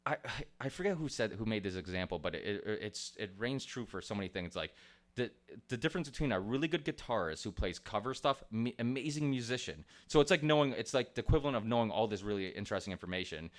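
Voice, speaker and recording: A man's voice: on the low side, expressive, quick pace. A man hosting a podcast in casual chat, rambling with many restarts, swearing and laughing easily. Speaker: podcast host.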